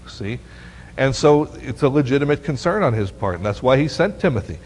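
A man preaching a sermon as pastor, animated and often asking the congregation questions. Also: mid-range voice, fast. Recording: long hall reverb.

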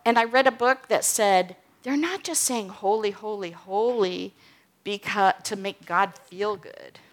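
Woman teaching scripture, slow and conversational. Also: medium pitch. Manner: reads scripture aloud with emphasis, then explains casually with "okay?" and "right?". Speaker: Bible teacher. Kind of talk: informal Bible teaching.

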